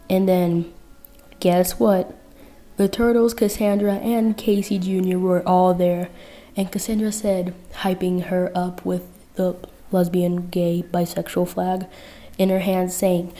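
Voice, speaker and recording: Mellow casual young woman storyteller. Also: fairly low pitch, level tone, slow. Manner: casual, chatty, with fillers. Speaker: fanfic narrator and channel host. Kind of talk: reading a fanfic-style listener story.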